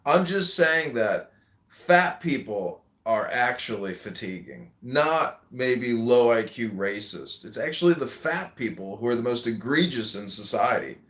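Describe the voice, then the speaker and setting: A man's voice: mid-range voice, sing-song, a little slow, a bit bright, echoey room. A man teasing and mocking others in crude casual chat.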